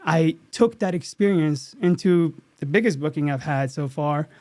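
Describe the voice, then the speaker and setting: A man speaking in a slightly raised register, earnest and animated as he recounts a story from a set. He restarts his sentences often as the feeling catches up with him. The sound is dry and close, like a podcast mic with no room around it. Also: fairly high pitch, normal speed, no echo. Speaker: actor guest. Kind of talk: casual interview storytelling.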